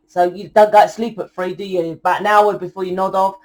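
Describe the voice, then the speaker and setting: A young woman giving a channeled tarot reading in a forceful, blunt lecturing way, swearing often. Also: mid-range voice, fairly even intonation, quick pace. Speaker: tarot reader.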